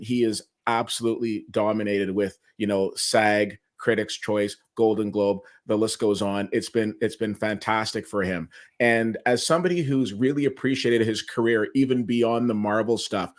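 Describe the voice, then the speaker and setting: A man hosting a casual awards-preview talk show, steering the chat and reading out the nominees. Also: on the low side. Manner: conversational, steers the segment and reads out nominees. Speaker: show host.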